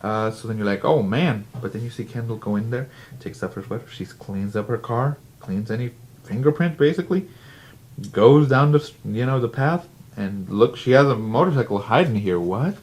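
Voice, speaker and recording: A man's voice: medium pitch, moderate pace, darkish tone. A man who casually reviews a comic book, with plenty of fillers and restarts. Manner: chatty, filler-heavy, restarts.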